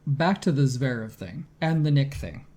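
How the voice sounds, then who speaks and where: A man co-hosting a casual podcast chat, talking in an animated way and reading tweets aloud in his own voice. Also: mid-range voice, normal speed. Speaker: podcast co-host.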